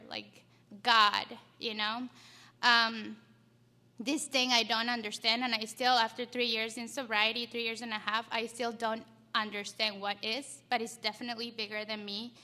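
A young woman with a slightly high, bright voice shares her recovery story at a meeting. She speaks haltingly, with many fillers, and sounds close to tears. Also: level tone.

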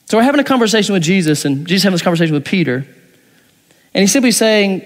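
A man's voice: high voice, expressive, racing, long reverb tail. A man preaching a sermon as pastor, reading scripture aloud and acting out the dialogue in changing voices. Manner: acts out dialogue with shifting voices.

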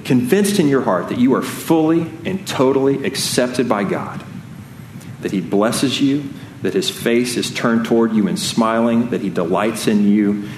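A man with a fairly low voice preaches to his congregation in an earnest, conversational way, stopping and restarting his sentences as he goes. The room is echoey and there is a faint hiss of noise underneath. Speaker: pastor. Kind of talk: sermon.

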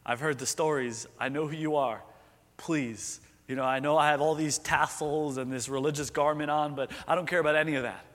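A man voicing a desperate father who pleads over and over for his dying daughter, hushed and repetitive, as part of a sermon. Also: fairly high pitch, steady tone, a little fast, long reverb tail, lightly acted. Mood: desperate pleading. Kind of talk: sermon retelling.

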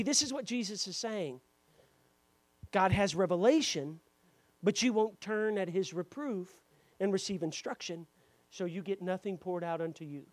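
With no echo on the recording, a man with a high voice gives a sermon in church. His delivery grows from quiet explanation into loud, fervent preaching, and he calls out congregation members by name.

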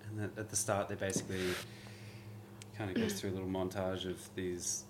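A man's voice: sits low, level tone, a little fast, noisy background. A man hosting a casual podcast chat, playful and goofy, often laughing.

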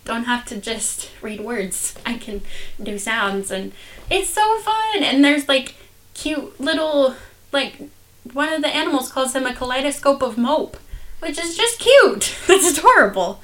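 A woman's voice: high-pitched, very animated, a little slow. A young woman chatting casually and giggling, with lots of fillers. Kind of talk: casual chat.

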